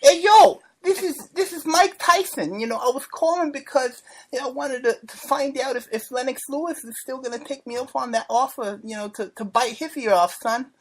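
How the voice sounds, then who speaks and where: A man's voice: very high-pitched, normal speed, a bit bright, exaggerated voice, low-quality recording. A man putting on a brash, swaggering male boxer voice as a prank call, with street slang.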